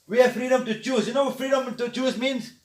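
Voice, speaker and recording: Fast, high-voiced male teacher. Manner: emphatic, excitable, alternates Arabic recitation with explanation. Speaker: Quran study teacher. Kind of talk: explanatory religious lesson. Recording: echoey room, mic at a distance.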